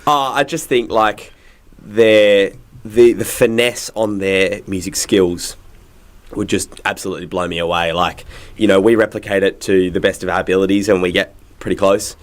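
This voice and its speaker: A male tribute singer talks on a radio show. His voice sits fairly low, and he speaks in a relaxed way, thinking aloud with frequent ums. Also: normal speed. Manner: relaxed, hesitant with fillers. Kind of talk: interview guest. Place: radio studio.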